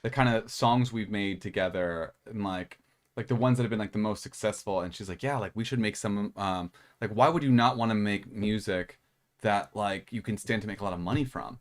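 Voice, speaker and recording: A man's voice: fairly low pitch, a little fast. Rambling young man chatting casually. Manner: rambling, heavy filler words, swearing. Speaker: podcast co-host. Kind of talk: casual chat.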